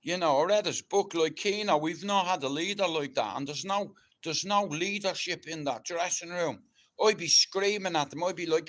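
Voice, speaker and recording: A middle-aged Irish man chatting on a live stream, rough-spoken and swearing heavily, and loud and ranting once he gets fired up. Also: on the high side, normal speed. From Ireland. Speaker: livestreamer. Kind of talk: casual live-stream chat.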